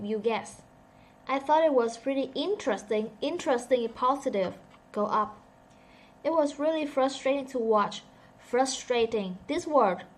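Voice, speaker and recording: A woman's voice: a little high, slight background noise. Chatty, self-joking English teacher, a woman. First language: Vietnamese. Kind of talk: casual online lesson.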